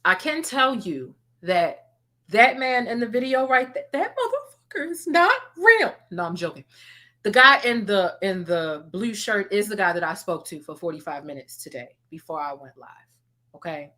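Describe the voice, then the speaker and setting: Bright, sassy woman commentator. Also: fairly low pitch, normal speed. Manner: sassy, drawling, playful. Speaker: commentary host. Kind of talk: casual gossip commentary.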